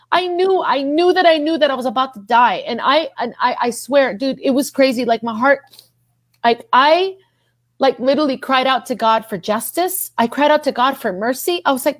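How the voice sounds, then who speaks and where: An earnest woman gives a heartfelt personal testimony on a podcast. Her voice sits a little high and climbs further as she is moved, and she circles back over her own words. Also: normal speed, dry recording. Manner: earnest, repeats herself, voice rises when moved. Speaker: podcast guest.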